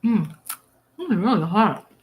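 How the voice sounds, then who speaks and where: In an unhurried, slightly rough mid-range voice full of big pitch swings, a middle-aged woman chats on her live stream. She eats as she talks, reading viewers' comments out loud in a chatty, exclamatory way.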